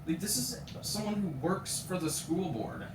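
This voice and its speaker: A man's voice: high voice, expressive, moderate pace, background noise. A teenage boy, streaming a frustrated, swear-filled rant about his school. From Canada. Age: teens. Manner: frustrated, swears often, retells scenes with quoted voices. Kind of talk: ranting casual stream chat. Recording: roomy echo, distant from mic.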